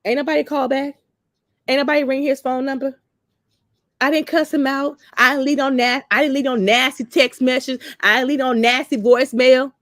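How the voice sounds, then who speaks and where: A woman's voice: sits high, steady tone, normal speed, dry recording, studio quality. A woman hosting a talk show, telling personal stories bluntly and animatedly and slipping into the voices of the people she quotes. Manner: blunt, salty. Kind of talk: candid personal storytelling.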